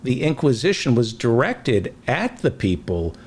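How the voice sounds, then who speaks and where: Male host, animated pitch, rambling questioner, faint noise. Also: measured pace. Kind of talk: casual chat.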